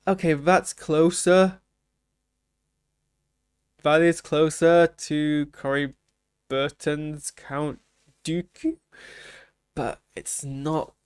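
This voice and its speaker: Male reaction host, casual commentary, gravelly voice, dry close sound, rambles and restarts a lot. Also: a little high, dry recording. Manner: rambling, thinking aloud with many restarts.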